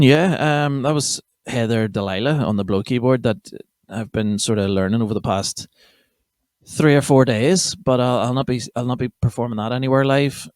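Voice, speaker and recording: A man's voice: medium pitch, darkish tone, no room sound, clean studio sound. A young man from County Armagh with a Northern Irish accent, hosting a comedy podcast in a rambling, sweary, self-interrupting chat. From County Armagh, Northern Ireland. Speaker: podcast host. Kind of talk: casual comedy monologue.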